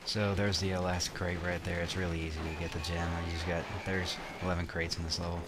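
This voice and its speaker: A man's voice: low voice, flat delivery, a little fast, very noisy. A young man casually commenting on his own gameplay, rambling with lots of fillers and restarts and some crude words. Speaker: let's play commentator. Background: game music.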